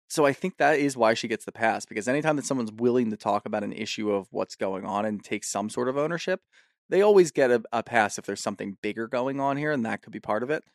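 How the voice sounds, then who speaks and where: A man in a chatty podcast recap whose voice has a gravelly edge and moves up and down a lot as he riffs on theories. The sound is dry and close. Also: mid-range voice, no echo. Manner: chatty, theorizing, quick to riff. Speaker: podcast co-host. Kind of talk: casual recap chat.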